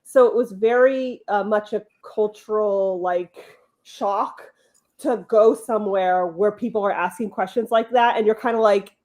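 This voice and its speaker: A woman from California in casual chat, talking with lots of fillers and quick laughs. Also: medium pitch, darkish tone. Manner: chatty, many fillers and laughs. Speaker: host.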